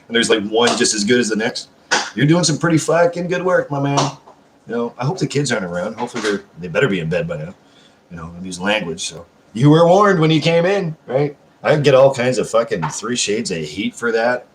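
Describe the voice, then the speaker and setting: Seated at home, a man runs a live stream and talks loosely with his viewers, swearing constantly and rambling as he replies to chat. He sounds very animated and speaks a little fast at a medium pitch, with a little hiss or hum in the audio.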